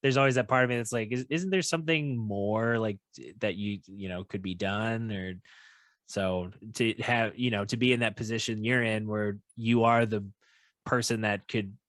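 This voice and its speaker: A man's voice: on the low side, fairly even intonation, normal speed, fairly bright tone, no room sound. A man hosting a podcast, reflective and thinking aloud in casual chat. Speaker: podcast host.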